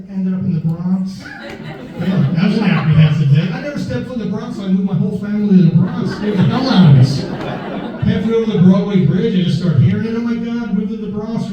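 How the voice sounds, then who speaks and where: A middle-aged man doing a stand-up comedy set with a brash, chatty, punchy delivery full of asides, recorded live in a comedy club from a distance. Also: sits high. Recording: live club recording from far off, echoey, dull, with a loud crowd. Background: audience laughter.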